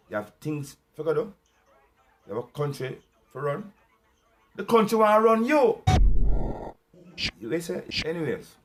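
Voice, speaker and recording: A Jamaican man plays out a pretend phone call in patois, needling and sarcastic. His voice sits high, and he stumbles over repeated words as he pushes his point. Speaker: host.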